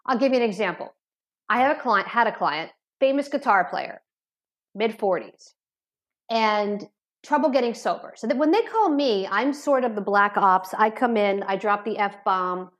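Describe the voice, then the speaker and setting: A woman's voice: medium pitch, animated, moderate pace, fairly bright tone. Woman, addiction therapist, interview guest, blunt, brash, candid storytelling, mid-range voice. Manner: blunt, brash, matter-of-fact.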